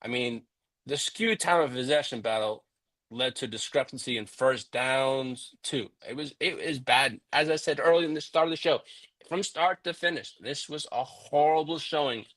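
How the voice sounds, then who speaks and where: A man hosting a live fan show about his football team, talking through the game and breaking into a profane, shouting rant. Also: medium pitch, moderate pace. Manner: profane, ranting, shouting in anger.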